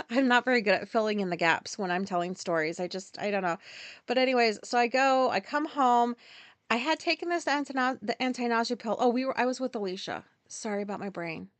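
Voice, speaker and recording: A woman's voice: fairly high pitch, fairly quick, no room sound. A woman in her forties hosting a podcast, telling a story in a rambling way, full of fillers and restarts. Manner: rambling, filler-heavy, self-interrupting. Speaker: podcast host. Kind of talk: casual storytelling monologue.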